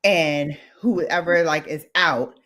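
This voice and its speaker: A woman co-hosting a casual livestream chat, telling a story in an animated way and acting out the quotes. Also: sits low, slow. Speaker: livestream co-host.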